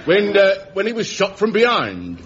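A man's voice: sits high, huge pitch swings, normal speed, fairly bright tone, heavily acted. A man voicing an earnest police sergeant in a radio comedy. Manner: earnest reporting. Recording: dull old radio recording, noise.

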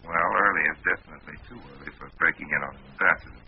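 A man's voice: a bass voice, fairly even intonation, racing. An actor playing a suave, wry crook who narrates his own story in 1940s radio drama style. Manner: wry, dry, teasing. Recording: muffled old radio recording with faint hiss.

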